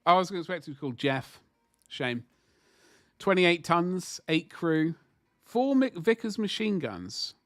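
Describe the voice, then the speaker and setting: A man's voice: high voice, sing-song, measured pace, a bit bright, no echo, studio quality. A man hosting a casual livestream, rambling and chatting with viewers while painting miniatures at his desk. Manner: chatty, rambling, talks to chat while working.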